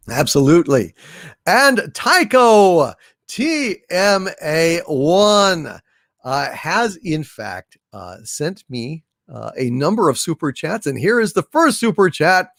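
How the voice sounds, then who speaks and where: A man's voice: on the high side, sing-song, unhurried, a bit bright, no room sound, studio quality. A man hosting a casual live stream, reading viewer messages and thanking donors in a grand, effusive way. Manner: effusive, thanks donors with grand hails, hums little fanfares. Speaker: livestream host.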